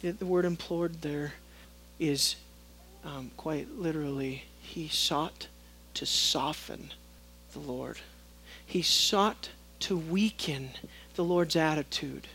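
Slow, dramatic preaching man. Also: gravelly, a little hiss or hum, low-quality recording. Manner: dramatic, shifts between loud emphatic and hushed low tones; acts out quoted voices of God and Moses. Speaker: pastor. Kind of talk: sermon.

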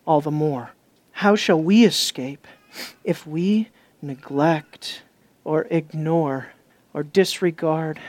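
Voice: a little mellow, no room sound. Emphatic preacher, dry close sound. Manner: emphatic, asks the listeners questions; rises to urgent, high-pitched stress. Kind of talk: expository sermon.

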